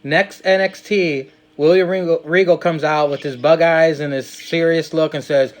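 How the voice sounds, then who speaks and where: A man's voice: a little high, fairly even intonation, moderate pace. A man hosting a casual podcast, teasing his guest and posing questions. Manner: playful, teasing, asks questions. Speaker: podcast host.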